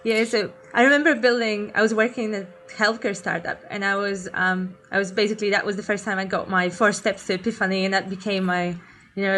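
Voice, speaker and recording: A woman with a mid-range voice hosts a relaxed interview. She circles toward her questions, pausing and restarting as she goes. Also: mid-range voice. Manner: hesitant, many fillers and restarts. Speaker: interview host. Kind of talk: casual interview.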